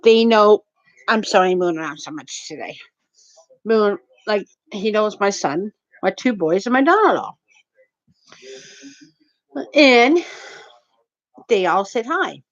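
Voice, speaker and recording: Slow-talking woman telling a story. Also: mid-range voice. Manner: animated, repetitive, indignant retelling. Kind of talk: rambling storytelling to camera. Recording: dull lo-fi recording.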